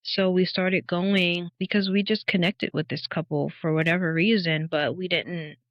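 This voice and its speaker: A woman in her thirties, a podcast guest, telling her faith testimony as a lively story, acting out the dialogue and laughing often. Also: lowish voice, normal speed, no room sound. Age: 30s. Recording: dull, dry podcast audio.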